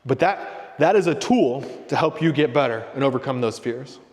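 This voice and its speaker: A man's voice: medium pitch, expressive, normal speed, darkish tone, big-room sound. A middle-aged man hosting a leadership discussion group. He coaches in a loose, rambling way and keeps checking in with "right?" and "okay?". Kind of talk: casual motivational talk.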